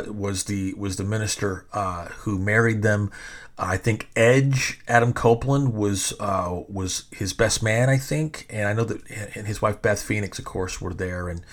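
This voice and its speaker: Middle-aged male podcast host with a lowish voice. He tells stories loosely and profanely, often breaking off and restarting. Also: steady tone, a little slow, fairly bright tone. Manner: rambling, profane, self-interrupting. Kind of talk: casual storytelling.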